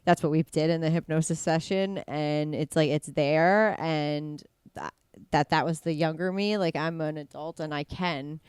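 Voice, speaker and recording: Low-voiced woman, candid and rambling. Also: fairly even intonation, moderate pace, a little mellow, smooth, dry recording, studio quality. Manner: candid, rambling, filler-heavy. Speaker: comedian and physical therapist, podcast guest. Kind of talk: casual interview chat.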